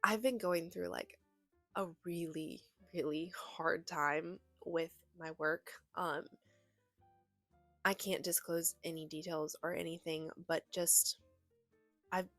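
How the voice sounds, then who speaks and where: A woman's voice: lowish voice, steady tone, takes it slowly, a bit bright, dry recording, soft background music. A young woman in casual chat about books she read, talking in a gushing, rambling way with many fillers and restarts, from her bedroom. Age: young adult. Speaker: book vlogger.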